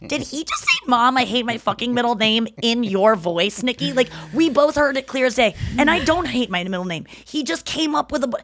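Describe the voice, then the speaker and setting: A woman's voice: fairly high pitch, expressive, fairly quick, few pauses, noisy background. A woman hosting a podcast, telling crude, playful stories in casual chat. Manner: candid, crude, playful storytelling. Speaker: podcast host.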